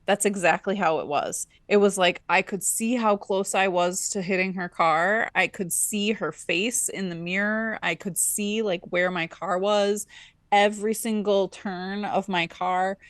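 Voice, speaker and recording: A woman co-host tells a personal story in relaxed podcast chat, and her pitch climbs sharply whenever she acts out what she and others said. Her voice sits in a middle range. The sound is dry and close, with no room around it. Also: a little slow, no room sound. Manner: animated storyteller, acts out her own inner voice and dialogue.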